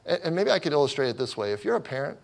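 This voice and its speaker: A man's voice: a little high, sing-song, very fast, creaky. Man preaching a conversational sermon. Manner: conversational, self-correcting, lightly sarcastic. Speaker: pastor.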